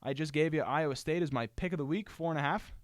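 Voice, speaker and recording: A man's voice: fairly high pitch, quick pace, no room sound, studio quality. A man hosting a sports show on his own, giving emphatic commentary and repeating his points for stress.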